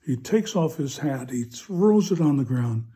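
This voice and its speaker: A man, a parish priest, telling a humorous story in a relaxed, chatty homily, pausing often with "uh.". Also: medium pitch, slightly rough.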